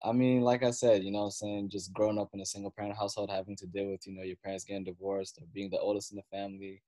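A man's voice: on the low side, flat delivery, rapid-fire, dark tone, dry recording. A young man, a comedian guest, telling stories in a laid-back, slangy way full of fillers. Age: young adult. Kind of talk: casual storytelling chat.

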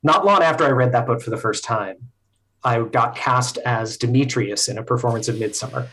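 A man talking as a podcast guest at a mid-range pitch. He explains things thoughtfully and casually, pausing on frequent fillers as he works through a story. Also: pushed and bright.

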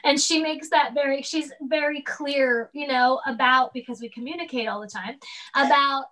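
A woman in her thirties in casual chat as a mother, talking in a rambling, animated way with many restarts. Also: high voice, moderate pace. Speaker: guest, mother.

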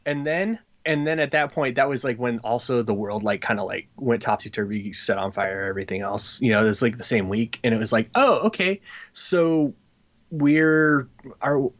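A comic book creator chats casually on a podcast, rambling through a story full of fillers and acting out other people's voices. His voice is on the low side and steady, and he talks fast with few pauses. The lo-fi audio sounds slightly dull.

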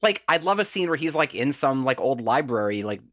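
A podcast co-host in a casual movie discussion, talking in an animated, rambling way with many fillers. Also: medium pitch, a little fast, no room sound, studio quality.

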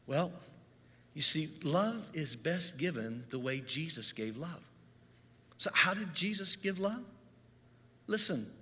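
Bright-voiced preacher in a reverberant hall. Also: male voice, medium pitch, slightly rough. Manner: earnest storytelling preacher, rises in intensity. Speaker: pastor. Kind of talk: sermon.

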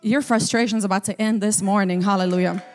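A woman pastor preaching a sermon, shifting from quiet storytelling to loud, drawn-out shouted declarations, often repeating and restarting words. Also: medium pitch, fairly even intonation.

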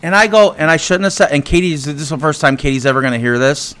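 Man, slightly high voice, podcast co-host, animated storyteller, profane, acts out dialogue. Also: quick pace, clear, resonant tone. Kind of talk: casual storytelling chat.

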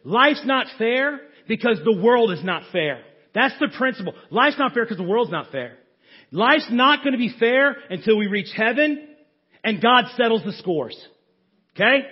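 A man preaching a sermon in a church, his voice high and husky. He delivers it with animation and playfully mocks the complainers he acts out. The recording sounds dull and muffled. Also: big pitch swings, unhurried. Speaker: pastor. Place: church sanctuary.

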